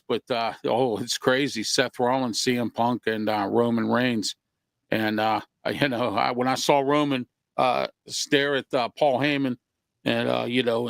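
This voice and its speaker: Gravelly halting male wrestling guest. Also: medium pitch, dry recording, clean studio sound. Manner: halting, many fillers. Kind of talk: casual talk show chat.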